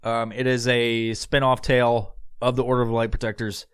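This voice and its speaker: A man's voice: medium pitch, little pitch movement, moderate pace, smooth. A man hosting a podcast, talking alone in a rambling, profane, casual way and laughing often. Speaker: podcast host. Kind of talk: casual monologue.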